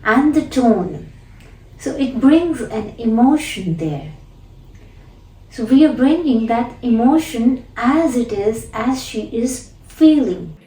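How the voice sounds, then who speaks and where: A woman English teacher explaining pronunciation deliberately, then repeating phrases to demonstrate. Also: fairly high pitch, lively intonation, warm tone, roomy sound, far from the mic, low-quality recording. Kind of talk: spoken lesson with demonstration.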